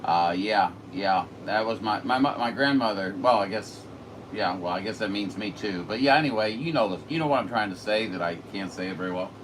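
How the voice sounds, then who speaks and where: A man's voice: on the low side, a little fast. A man chatting casually as a radio operator, rambling and folksy with lots of fillers. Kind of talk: casual chat. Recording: distant mic with noisy room.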